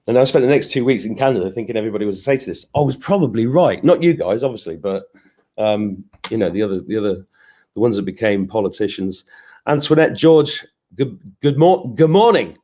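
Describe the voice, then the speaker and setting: A man's voice: on the low side, fast, dark tone. A man hosting a casual live stream, greeting viewers by name and joking as he rambles. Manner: chatty, joking asides, rambling restarts.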